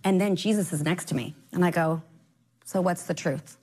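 A woman sharing her faith story in casual conversation, earnest and encouraging, acting out quoted dialogue with sudden jumps up in pitch. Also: normal speed, a little mellow. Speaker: guest.

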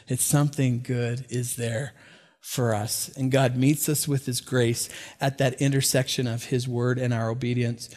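A man's voice: medium pitch, darkish tone. A middle-aged man preaching a sermon as pastor, conversational and joking, often stumbling over repeated words. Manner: conversational, stammers on repeated words, jokes with the congregation.

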